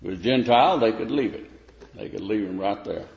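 A man's voice: on the low side, fast, gravelly, darkish tone. A man preaching a sermon, rising to emphatic questions and often restarting his phrases. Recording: echoey hall, dull lo-fi sound.

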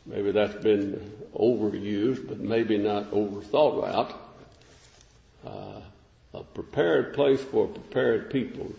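An older American man preaching a sermon in a measured, conversational way, rising to emphatic peaks. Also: medium pitch, creaky, darkish tone. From United States. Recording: echoey hall, dull sound.

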